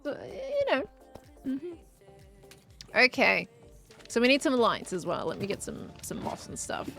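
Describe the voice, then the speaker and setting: A woman casually chats through a live stream of a building game, reading chat messages aloud and musing as she builds. Her medium-pitched voice is gravelly, pushed and bright, very animated yet unhurried. Soft background music plays.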